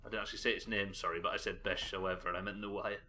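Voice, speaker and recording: A man's voice: lowish voice, flat delivery, very fast, bright, forceful tone, slight background noise. A British man live-streaming a game, chatting casually with his chat and reading aloud in a chatty, self-interrupting way. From United Kingdom.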